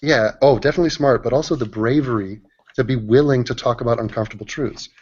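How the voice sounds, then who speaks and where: A man hosting a casual group video call, talking in an animated, profane, rambling way. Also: mid-range voice, fast, breathy edge. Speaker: host. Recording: dull lo-fi call audio.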